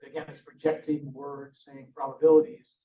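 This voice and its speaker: A man's voice: medium pitch, little pitch movement, moderate pace. A man giving a conversational conference presentation with frequent restarts. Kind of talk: conference talk. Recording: roomy, distant, dull sound.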